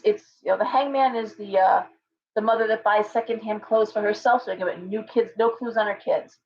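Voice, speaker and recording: A woman hosting a casual livestream tarot reading, talking in a chatty, rambling way with restarts and asides. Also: mid-range voice. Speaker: tarot reader, livestream host. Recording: dull lo-fi stream audio.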